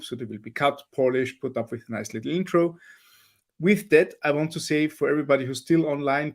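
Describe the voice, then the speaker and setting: A hoarse man hosting an online developer meetup, his voice gravelly with fry. He talks in a chatty, halting way, full of ums and restarts, heard over a video call. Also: fairly high pitch. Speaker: meetup host moderating Q&A.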